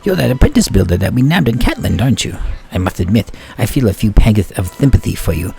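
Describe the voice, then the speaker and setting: A man's voice: on the low side, sing-song, fast talker, vocal fry, warm tone, pitched above the performer's own voice. A man voicing a gloating male monster captain who taunts his prisoners while reading game dialogue aloud. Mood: taunting. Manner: taunting, mock-cheerful threats.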